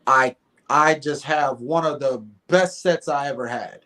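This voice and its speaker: A middle-aged man telling a story in a casual interview, animated and acting out the dialogue, often repeating words. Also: mid-range voice, measured pace. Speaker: guest comedian.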